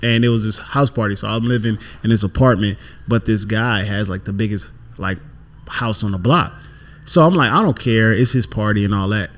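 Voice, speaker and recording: A man's voice: fairly low pitch, moderate pace, fairly bright tone. A young man, a podcast guest, telling a story casually and animatedly, acting out what people said and swearing freely.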